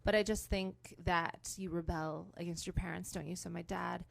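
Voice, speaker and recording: A woman in her thirties from Canada, a comedian guest on a radio show, talking in a dry, deadpan way. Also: fairly low pitch, moderate pace, creaky, no room sound. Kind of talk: casual interview.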